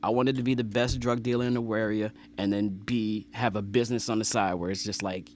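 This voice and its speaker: A man's voice: lowish voice, fairly even intonation, fairly quick, slight background noise. A man co-hosting a podcast, trading loose, slangy, joking banter. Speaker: podcast co-host. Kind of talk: casual banter.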